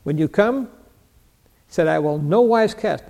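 An older man delivers a Bible-teaching sermon in a big hall with long reverb, his voice high, gravelly and mellow. He asks his listeners questions, answers them himself and chuckles now and then. He sounds animated but speaks a little slowly.

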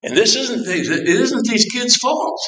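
A man who volunteers in prison ministry, speaking informally to a church group in a halting, plainspoken way, with many asides. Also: very high voice, big pitch swings, sharp tone, rough recording. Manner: rambling, plainspoken, full of asides; halting, with frequent pauses. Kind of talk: informal church talk to a congregation.

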